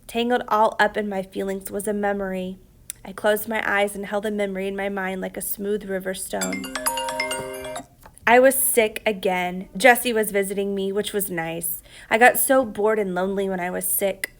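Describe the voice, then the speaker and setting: A woman narrating an audiobook in a quiet, reflective way, sometimes dropping to a whisper. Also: mid-range voice, steady tone, moderate pace, soft background music.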